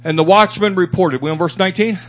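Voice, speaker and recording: A man's voice: high voice, quick pace. A man preaching a sermon to a small church congregation, fervent and repetitive, building up his phrases for emphasis. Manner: fervent, rising and repeating for emphasis.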